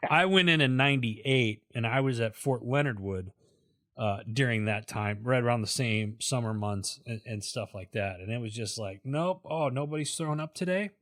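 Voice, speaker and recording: Podcast host chiming in. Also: male voice, on the low side, moderate pace, a bit bright, no room sound, clean studio sound. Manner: chimes in with short agreements and his own army memories. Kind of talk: casual interview chat.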